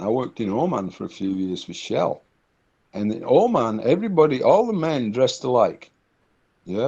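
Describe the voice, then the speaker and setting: A man's voice: mid-range voice, gravelly, a little mellow, husky. A middle-aged man, a consultant, talking casually in an interview, telling anecdotes and often repeating words as he searches for them. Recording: dull lo-fi recording.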